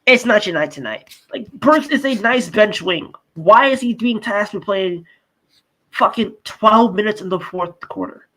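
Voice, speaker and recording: A young man co-hosts a casual sports podcast in a fairly high voice. He rants in exasperation, swearing freely as his frustration builds. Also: a little slow, a bit bright, poor audio. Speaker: podcast co-host.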